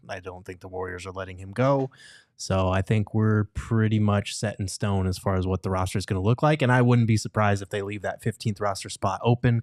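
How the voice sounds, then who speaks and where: A man co-hosting a sports podcast who gives his take in a relaxed, matter-of-fact way. His voice is fairly low, and the sound is close and dry, with no room in it. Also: no room sound. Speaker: podcast co-host. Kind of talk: casual sports podcast chat.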